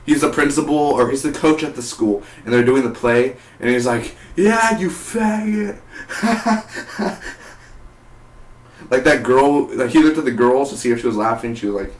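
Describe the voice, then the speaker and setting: A man reviewing a TV episode in a casual, excitable way, rambling and stumbling over his words. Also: medium pitch, brisk, hardly any pauses. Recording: roomy echoey room.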